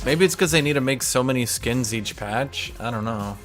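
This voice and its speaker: A man in a middle register talks loosely while he plays, working things out out loud. He keeps turning to his chat with quick questions, and soft game music hums behind him. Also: mid-range voice. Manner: thinks aloud, asks chat questions. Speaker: game streamer. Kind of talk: casual live-stream chat while playing.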